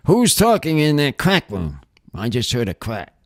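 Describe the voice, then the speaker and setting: A man's voice: medium pitch, wildly swooping pitch, moderate pace, no room sound, clean studio sound. A man hosting a casual livestream podcast, rambling and repeating himself. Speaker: podcast host. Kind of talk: casual chat.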